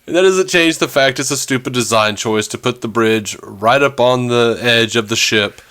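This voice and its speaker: A man talks casually on a podcast, reading listener comments aloud and joking between them. His voice sits at an ordinary middle pitch, and he laughs easily. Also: moderate pace, fairly bright tone, clean tone. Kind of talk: casual chat.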